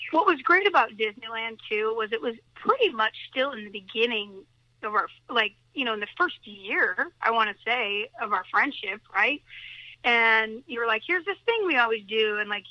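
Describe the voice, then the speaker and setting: A woman's voice: a little high, no echo, dull audio. A woman guest chatting playfully with her best friend and laughing often. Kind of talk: casual chat.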